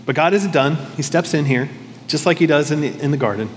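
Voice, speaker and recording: A man's voice: fairly high pitch, brisk, big-room sound, slight background noise. A male pastor preaching a sermon in a conversational, reflective way, often questioning himself aloud.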